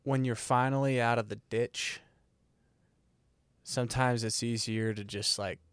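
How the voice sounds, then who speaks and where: A man's voice: mid-range voice, steady tone, a little slow, smooth, no echo. A man co-hosting a faith podcast, speaking candidly and reflectively about his own struggles. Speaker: podcast co-host. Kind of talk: casual faith podcast conversation.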